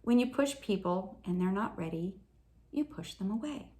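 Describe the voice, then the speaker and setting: A woman voicing God, calm and patient. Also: medium pitch, normal speed, close to an everyday voice. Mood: patient, gentle. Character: God, calm patient gentle male deity.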